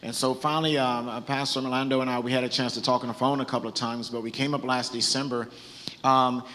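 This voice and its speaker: A man's voice: medium pitch, little pitch movement, fast, sharp tone. A bishop from Southern California preaching from a church stage, earnest and conversational, often restarting his sentences. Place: church hall. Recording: hall with long reverb.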